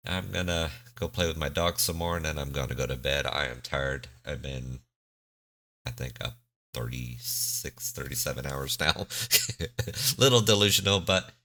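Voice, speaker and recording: Super low voiced guy ranting his takes on a commentary channel, bright forceful tone, lots of "you know". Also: normal speed. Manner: blunt, preachy, says "you know" and "I mean" often. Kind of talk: opinionated reaction commentary.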